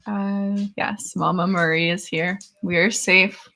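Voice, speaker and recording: Young woman, worn out and half-whispering, slow and gravelly in a casual live chat. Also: lowish voice, steady tone. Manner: soft, half-whispered and emotional, laughing often. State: worn out after a seizure. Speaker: vlogger hosting a live chat.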